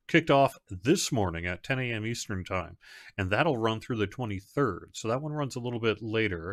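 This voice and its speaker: A game's community manager hosts a casual live stream from his home setup, rambling conversationally with fillers and restarts. His voice is on the low side, and the recording is dry with clean studio sound.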